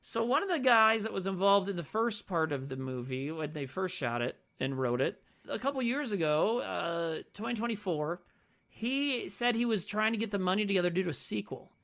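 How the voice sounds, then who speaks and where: A man's voice: high-pitched, animated, normal speed, gravelly, a bit bright. A man co-hosting a casual movie-review podcast, swearing freely and laughing often. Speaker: podcast co-host.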